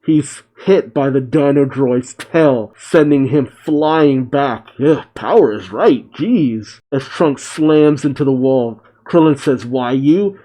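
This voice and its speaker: Brief: male reaction host, mellow and relaxed, narrating panels with quick asides. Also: medium pitch, poor audio. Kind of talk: casual comic read-through.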